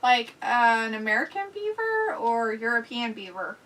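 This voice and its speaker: High, bright-voiced woman ranting at a distance. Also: sing-song, normal speed. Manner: blunt, crude, laughs often. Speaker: live stream host reading chat. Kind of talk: casual, profane watch-along chat.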